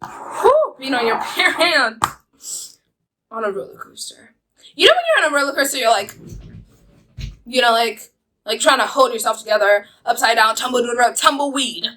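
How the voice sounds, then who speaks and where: Young woman, vlogger, high voice, rambling casual chat, giggly. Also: very animated, moderate pace, a bit bright, low-quality recording. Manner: giggly, rambling, chatty with many fillers. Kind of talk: casual storytelling to camera.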